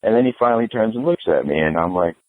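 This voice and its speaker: A man, a podcast guest, telling a story in casual chat, animated and profane, laughing through it. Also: fairly low pitch, fast, no room sound, narrow, tinny audio.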